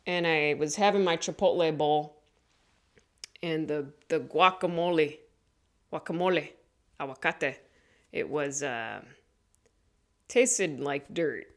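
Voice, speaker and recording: A woman comedian telling rambling stories in a casual, mumbly way and acting out quotes in higher voices. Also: slow pace, long pauses. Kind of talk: casual comedic storytelling monologue.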